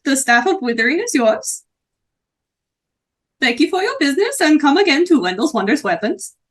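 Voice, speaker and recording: Tabletop game merchant, friendly tall man, higher voice than usual for a guy, "eh?" tags, woman voicing him. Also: very animated, normal speed. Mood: friendly haggling. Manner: tags sentences with "eh?" and "yeah?". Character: tall male horned weapons merchant, friendly. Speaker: game master.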